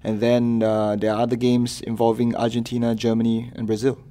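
A man's voice: mid-range voice, monotone, brisk, dark tone. A man who works as a sports correspondent, chatting casually on a podcast in an easygoing, joking manner.

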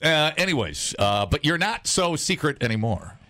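A man hosting a casual podcast chat, joking and playful, sometimes dropping into a low mumble. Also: very animated, moderate pace, sharp tone, dry recording. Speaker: podcast host.

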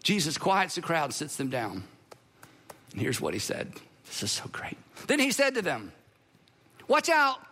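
Bright, high-voiced male pastor preaching. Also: moderate pace, a little hiss or hum. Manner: animated, conversational preaching with asides to the audience. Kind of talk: sermon.

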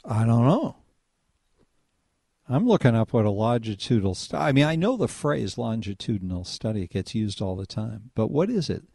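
A man hosting a call-in radio talk show, chatting with callers and thinking out loud. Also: medium pitch, very animated, moderate pace, creaky, slightly rough, no room sound, clean studio sound. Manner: conversational, chatty, muses aloud.

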